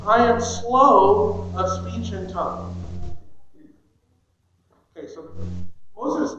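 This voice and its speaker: A middle-aged pastor delivering an animated sermon, acting out children's whiny excuses. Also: male voice, high voice. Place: church sanctuary. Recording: echoey church sanctuary, dull sound.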